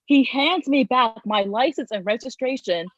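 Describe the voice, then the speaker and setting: A woman telling a personal story in a casual, animated way, with many fillers. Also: a little high, moderate pace, no echo. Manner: animated, lively retelling with frequent fillers. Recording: dull, dry, lo-fi sound.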